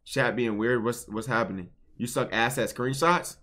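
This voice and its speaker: A man's voice: mid-range voice, moderate pace, bright, forceful tone. A young man hosting a live stream, bantering loosely with callers and chat in heavy slang.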